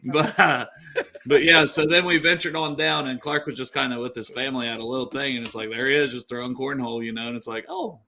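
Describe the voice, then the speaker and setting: Co-host, male, bright and forward tone, loose rambling storyteller. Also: mid-range voice, fast, creaky, slight background noise. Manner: rambling storyteller, many fillers and laughs. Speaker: podcast co-host. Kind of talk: casual sports podcast chat.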